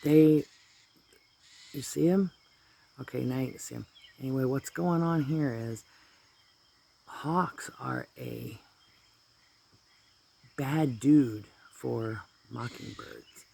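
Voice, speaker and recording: A man's voice: medium pitch, slow, creaky, long pauses, mellow, breathy edge. A man with an allergy-stuffed voice chatting casually and rambling while filming outdoors in his garden on a phone. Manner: rambling, easygoing, drifts into asides. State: congested from allergies. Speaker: vlogger. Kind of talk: casual chat.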